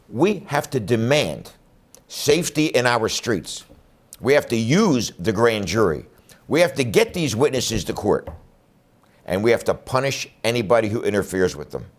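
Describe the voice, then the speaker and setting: A man running for district attorney, speaking bluntly and emphatically in a campaign address. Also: fairly low pitch. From Philadelphia area. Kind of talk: campaign speech to camera.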